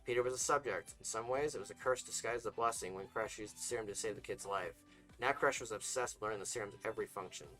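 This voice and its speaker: A man's voice: fairly low pitch, fast talker, pushed and bright, faint music behind, low-quality recording. A man casually reading fiction aloud, stumbling and restarting now and then. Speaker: story reader.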